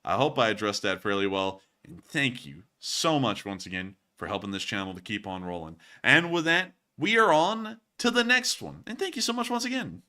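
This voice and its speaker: A man hosts a livestream in a bright, forward voice. He rambles casually, padding his thoughts with fillers as he answers questions and thanks his viewers. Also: medium pitch, animated, normal speed, few pauses. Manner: rambling, chatty, frequent "uh" and "let's see here". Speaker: war news show host.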